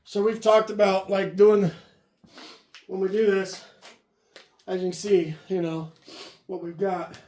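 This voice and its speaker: Echoey, distant camera audio with clear noise captures a man talking as he hauls car parts off a trailer outdoors in the cold. Breathless, he pauses to breathe while lifting, his high voice level and darkish as he casually narrates the work.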